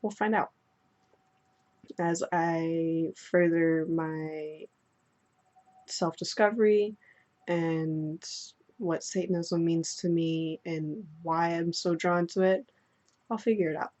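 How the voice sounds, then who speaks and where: A woman's voice: on the low side, takes it slowly, long pauses. A young woman answering follower questions in casual chat, playful and swearing freely as she tells stories. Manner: playful, swearing, animated storytelling. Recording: dull lo-fi sound.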